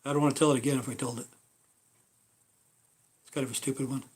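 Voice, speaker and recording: A man's voice: medium pitch, steady tone, quick pace, darkish tone, slightly rough. A man hosting a casual livestream, talking in a rambling, profane way with many fillers. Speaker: livestream host.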